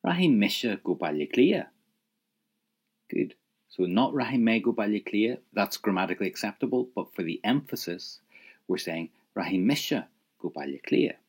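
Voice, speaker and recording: A man leads an audio language lesson. His voice sits low and sounds husky. He swings his pitch widely and keeps urging the listener to repeat phrases. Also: big pitch swings, normal speed. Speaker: Irish language teacher.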